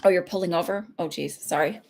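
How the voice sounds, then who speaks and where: A woman in her thirties with a slightly low voice talks casually to viewers on a livestream. She rambles from story to story, laughing often, with a relaxed and friendly manner. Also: quick pace. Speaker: psychic medium hosting live readings.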